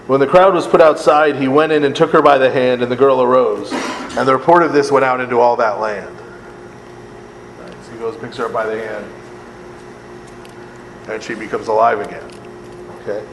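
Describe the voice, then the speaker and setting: A man's voice: mid-range voice, steady tone, moderate pace, pauses often. A man, a priest, leading a Bible study lecture in a conversational way, often asking "right?", laughing and adding sarcastic asides. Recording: echoey room, long reverb, faint air conditioning hum.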